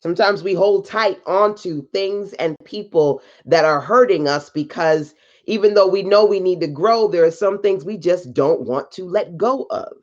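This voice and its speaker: Slow, preachy woman coaching on a live stream. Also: lowish voice, a little mellow, muffled recording. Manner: preachy, emphatic, with slang asides; greets viewers by name. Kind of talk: motivational live-stream talk.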